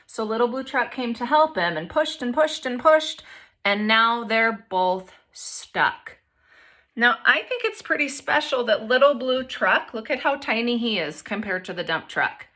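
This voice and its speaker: Slow, bright-voiced woman teacher. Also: a little high, animated. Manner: gentle, encouraging, asks children questions. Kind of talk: reading a picture book aloud to children.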